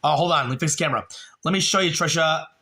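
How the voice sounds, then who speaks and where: Rambling male streamer with a bright voice. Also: a little high. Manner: rambling, repeats a friend's name, halting with fillers; emotional when speaking of a dead relative. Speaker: live streamer. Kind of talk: rambling live-stream chat.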